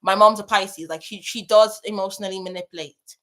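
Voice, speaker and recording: Speaking a little fast with a steady, fairly bright tone at medium pitch, a young woman hosts a casual advice chat. She reads viewer messages chattily and emphatically, repeating phrases to drive points home.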